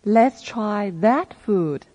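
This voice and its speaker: Female reading teacher, mellow and husky, very slow and lively phrase-by-phrase repetition. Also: mid-range voice, lo-fi sound. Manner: repeats each phrase slowly and clearly after a male reader. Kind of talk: slow read-aloud for learners to repeat.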